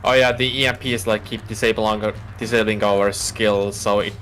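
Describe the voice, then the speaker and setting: A man's voice: on the low side, steady tone, moderate pace, a bit bright, soft background music. A man co-playing a game on a stream, explaining gameplay in a laid-back, casual way. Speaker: co-player guest. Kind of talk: casual gaming chat.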